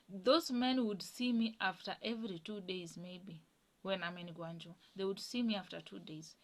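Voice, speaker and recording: A woman's voice: mid-range voice, moderate pace. Young woman giving an earnest testimony. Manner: earnest and animated, drops to a hush when moved. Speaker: guest sharing a personal testimony. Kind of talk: personal testimony storytelling.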